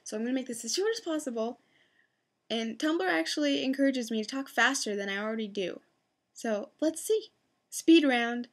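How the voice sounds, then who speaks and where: Young woman, excitable, chatty vlog storytelling, slightly high voice, lots of fillers. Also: moderate pace. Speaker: vlogger. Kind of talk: casual fan storytelling.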